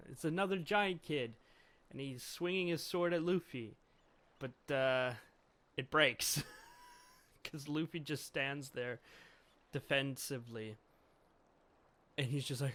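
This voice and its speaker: Slow-talking man chuckling through a comic review. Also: a little high, a bit bright. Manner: chuckles often, thinks aloud with restarts. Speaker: manga chapter reviewer. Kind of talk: casual commentary reading through a comic chapter.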